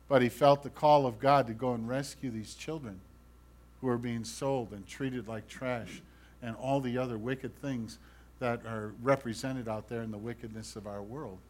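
A man preaching a sermon, earnest and pleading, swinging from loud emphasis to hushed asides and asking his listeners direct questions. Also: medium pitch, a little hiss or hum. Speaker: pastor.

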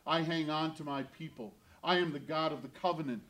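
A male pastor preaching a sermon in an earnest, personal storytelling way, swinging from loud emphatic lines to hushed near-whispers. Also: fairly high pitch, brisk.

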